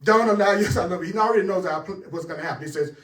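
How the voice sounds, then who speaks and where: A man with a notably high voice leads a spiritual teaching session. He speaks emphatically and laughs often as he addresses his listeners directly. The sound is roomy and echoey. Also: quick pace, far from the mic. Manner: emphatic, laughing, talks straight to the audience. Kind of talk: teaching a class.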